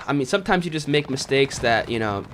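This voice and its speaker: A man's voice: medium pitch, animated, moderate pace, a bit bright, a little hiss or hum. A man giving casual, self-critical commentary over his own gameplay, often saying "man" and "you know.". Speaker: gaming video creator.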